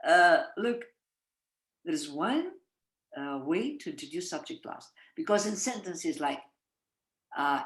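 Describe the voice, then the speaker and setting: Animated woman. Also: fairly low pitch, slow, pauses often, reverberant. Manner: animated, quizzing students with questions. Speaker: English writing teacher. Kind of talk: webinar lecture with students. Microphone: video call.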